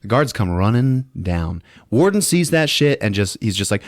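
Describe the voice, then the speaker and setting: A man hosts a podcast and recaps a movie in a casual, animated way, swearing freely and acting out the scenes. His voice sits low but moves with lively swings in pitch. The sound is dry and close to the mic. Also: moderate pace, few pauses, no room sound. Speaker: podcast host. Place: podcast studio.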